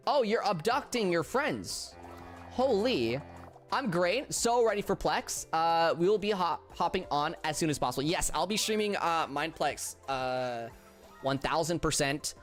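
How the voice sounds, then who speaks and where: A tired man chats casually with his viewers during a game stream. His fairly high voice is flat and subdued, and he stumbles over restarts as he talks. Faint music plays underneath. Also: a little slow. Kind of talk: casual livestream chat with viewers.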